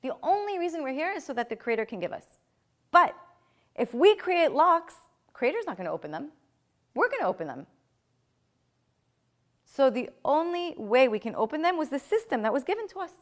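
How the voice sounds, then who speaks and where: A woman's voice: high-pitched, very animated, normal speed, long pauses. A woman lecturing a live class, stressing points by repeating them and asking rhetorical questions. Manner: emphatic, repeats key phrases, asks rhetorical questions. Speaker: teacher.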